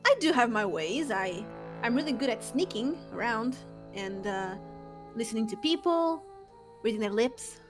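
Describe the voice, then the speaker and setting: A woman's voice: on the high side, expressive, moderate pace, over music. A woman playing her character in a tabletop game, speaking casually and a little hesitantly. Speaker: player. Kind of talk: in-character tabletop role-play.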